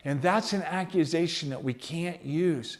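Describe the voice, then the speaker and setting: Guy pastor with a high voice preaching, gets loud then drops real quiet, tells stories from his own life. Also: a little slow. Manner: dramatic, swings from loud urgency to hushed tones. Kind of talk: sermon.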